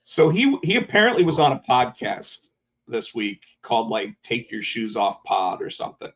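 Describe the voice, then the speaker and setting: A man's voice: mid-range voice, moderate pace, slightly rough, muffled recording. A man co-hosting a casual podcast, telling stories and acting out the quotes. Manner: animated storyteller, acts out quotes. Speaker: podcast co-host. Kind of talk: casual chat.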